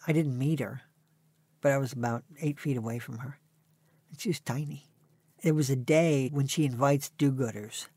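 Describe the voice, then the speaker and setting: A man's voice: mid-range voice, darkish tone, dry recording. A man in his sixties telling stories as an interview guest in a dry, wry way. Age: 60s. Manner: dry, wry anecdotal delivery. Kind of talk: conversational storytelling.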